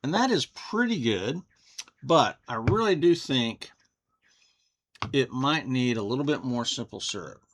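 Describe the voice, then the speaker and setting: A man from Texas casually reviewing a whiskey cocktail at home, folksy and unhurried, thinking aloud. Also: mid-range voice, animated, a bit bright.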